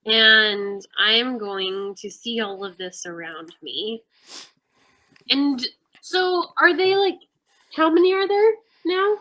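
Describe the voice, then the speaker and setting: A woman's voice: on the high side, expressive, slow, sharp tone, highs cut off. A woman playing a tabletop game, hesitant and giggly as she decides her moves. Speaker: player.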